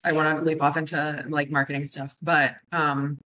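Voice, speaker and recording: A woman's voice: deep voice, level tone, moderate pace, bright, forceful tone, low-quality recording. A woman marketing educator giving advice as a podcast guest, conversational and thoughtful, with many fillers. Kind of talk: casual podcast interview.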